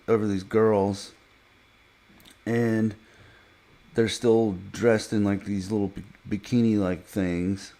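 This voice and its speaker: Slow, low-voiced man rambling a recap. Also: a little mellow. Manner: halting, many fillers and restarts. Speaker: podcast reviewer. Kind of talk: casual episode recap.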